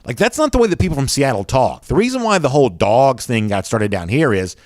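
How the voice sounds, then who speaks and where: A man's voice: medium pitch, very animated, brisk, no room sound, studio quality. A man with a Southern accent hosting a sports show, chatting casually and reading viewer comments with lots of fillers. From American South.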